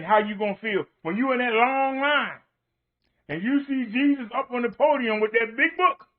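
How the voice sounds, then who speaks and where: Emphatic high-voiced male preacher. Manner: emphatic, repetitive rhetorical questions. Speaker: minister. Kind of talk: online preaching show. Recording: tinny phone-like sound.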